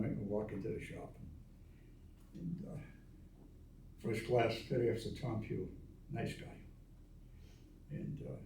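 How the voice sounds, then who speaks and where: An older man tells stories in a relaxed, chatty way and acts out the voices in them. His voice sounds roomy and echoey, and he sits at some distance from the microphone. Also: mid-range voice. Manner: animated yarn-spinner who acts out quoted dialogue with chuckles. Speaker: veteran interviewee. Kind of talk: casual storytelling of memories. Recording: roomy echo, voice from a distance of the mic.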